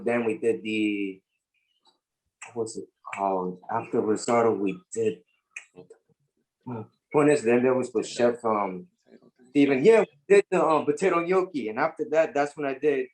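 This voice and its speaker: A young man on a video call thanking people for a scholarship, relaxed and rambling, searching for words. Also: mid-range voice, low-quality recording. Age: young adult. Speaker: scholarship winner. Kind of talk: casual thank-you remarks.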